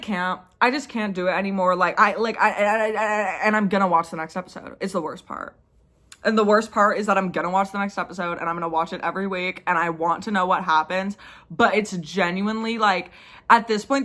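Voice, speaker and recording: A young woman rants straight to her camera in a loose, exasperated ramble. She strings thoughts together with constant "like" fillers and casual swearing. Her voice sits at an ordinary middle pitch. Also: fairly bright tone. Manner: exasperated, heavy use of "like", swearing. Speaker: YouTuber. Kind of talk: casual rant.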